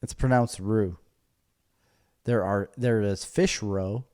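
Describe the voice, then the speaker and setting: A man's voice: fairly low pitch, a little mellow. Bickering man co-hosting a podcast. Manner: argumentative, quick to laugh. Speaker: podcast co-host. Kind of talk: casual chat.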